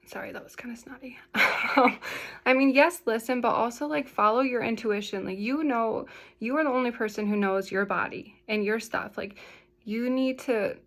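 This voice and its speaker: A woman's voice: mid-range voice, a bit bright. A young woman talking casually to the camera in a vlog, rambling and filling her speech with "like". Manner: chatty, rambling, full of "like" fillers. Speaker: vlogger sharing her health story.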